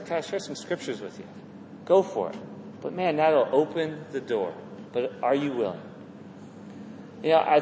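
A man preaching a sermon in a lively, animated way, often acting out quoted voices and repeating words as he builds a point. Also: fairly high pitch, a little hiss or hum. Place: church hall. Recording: echoey hall with faint ambience.

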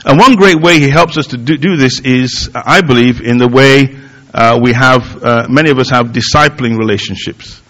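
Man, middle-aged, pastor giving a sermon, chatty and self-mocking, mid-pitched voice, lots of ums and restarts. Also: normal speed, fairly bright tone, poor audio. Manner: conversational, self-deprecating, with frequent fillers and restarts.

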